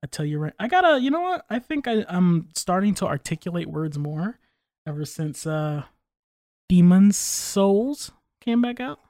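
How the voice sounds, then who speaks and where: A man's voice: a little high, sing-song, normal speed, dry recording, clean studio sound. A man chatting casually on a podcast, opinionated and rambling, with frequent swearing. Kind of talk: casual chat.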